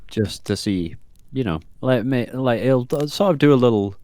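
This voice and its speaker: A man's voice: mid-range voice, animated, moderate pace, dark tone, no room sound. A man playing a tabletop role-playing game, describing his actions in a casual, rambling way full of fillers.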